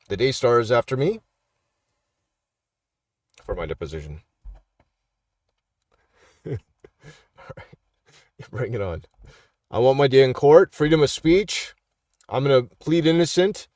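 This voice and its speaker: A middle-aged man with a slightly high voice talks through posts in a loose, preachy commentary. He keeps checking in with his listeners. The sound is dry and close, with little room in it. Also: a little mellow, no room sound. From Canada. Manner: preachy, repeats "all right?" for emphasis. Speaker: street minister and YouTube commentator. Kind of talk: casual live commentary reading online posts.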